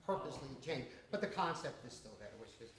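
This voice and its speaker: A man's voice: medium pitch, lively intonation, quick pace, a little hiss or hum. A man, telling stories and laughing as he takes questions after a screening of his film. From the Bronx, New York. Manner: storytelling, laughing often, swearing. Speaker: independent filmmaker. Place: small cinema venue. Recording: echoey room with audience. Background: audience.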